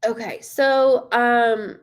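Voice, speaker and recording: A woman's voice: on the high side, steady tone, drawn-out words, clear, resonant tone. A woman hosting a live stream as a psychic medium, chatting casually, greeting viewers by name and swearing freely.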